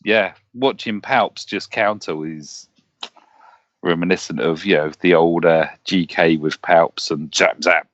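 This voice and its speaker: A man on a casual live Q&A panel, chatty and quick to laugh. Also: low voice, a bit bright, dry recording, dull audio. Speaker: panel guest.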